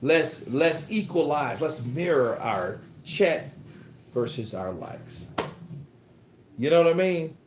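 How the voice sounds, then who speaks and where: A man hosting a livestream of boxing commentary, talking in an animated, profane and excitable way. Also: a little high, slow pace, background noise. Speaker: host. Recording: roomy echo.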